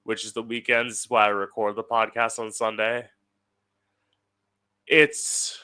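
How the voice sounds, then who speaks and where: A man's voice: lowish voice, flat delivery, slow, sharp tone, smooth. A young man hosting his own podcast from home, talking casually in a chatty, sardonic way and swearing freely. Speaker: podcast host. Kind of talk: casual solo podcast monologue.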